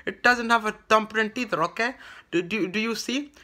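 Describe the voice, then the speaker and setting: Vlogger, comic in-character rant, bright edge, stammering, put-on broken English. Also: medium pitch. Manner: halting and rambling, full of stammered restarts. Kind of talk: comedic vlog monologue in character.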